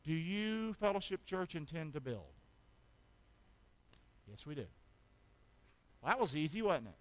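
A man preaching a sermon as pastor, calling for amens and swinging from loud shouts to hushed asides. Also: a little high, sing-song, fairly quick.

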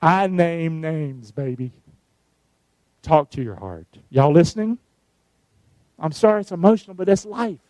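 High-voiced preaching pastor, dry sound. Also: male voice, animated, measured pace, long pauses, a little mellow, no room sound. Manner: emphatic preaching with call-and-response. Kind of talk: sermon.

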